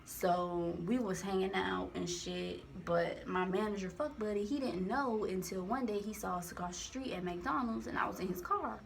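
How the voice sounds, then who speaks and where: A woman's voice: medium pitch, normal speed, gravelly, hardly any pauses, a little hiss or hum. A young woman telling a personal story into a phone camera, rambling and candid with lots of profanity and slang. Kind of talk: casual storytime monologue.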